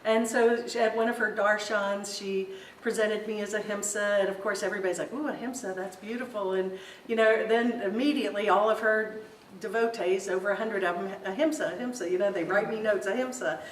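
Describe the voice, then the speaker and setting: A woman's voice: medium pitch, fairly even intonation, brisk. Woman telling stories at a spiritual center talk, laughs a lot, echoey room, mic kinda far off. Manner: chatty, storytelling, laughs easily. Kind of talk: informal spiritual talk to a group. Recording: roomy echo, distant mic, faint hiss.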